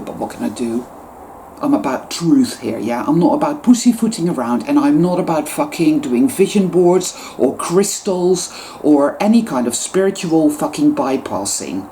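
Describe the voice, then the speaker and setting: A woman's voice: very deep voice, dark tone, slight background noise. A woman YouTuber giving an impassioned spiritual monologue, swearing heavily and repeating words for emphasis.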